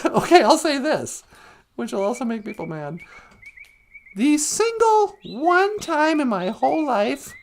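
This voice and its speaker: Sarcastic high lively woman from Minnesota. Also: unhurried. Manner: sarcastic, grumbling, laughs often. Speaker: live stream comedian. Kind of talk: comedic live-stream monologue. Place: outdoors.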